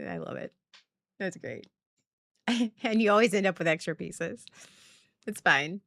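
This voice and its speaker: A woman's voice: medium pitch, sing-song, takes it slowly, gravelly, fairly bright tone, no room sound. Woman, thirties, candid, profane, laughs often, dry sound. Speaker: streamer. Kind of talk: casual livestream monologue.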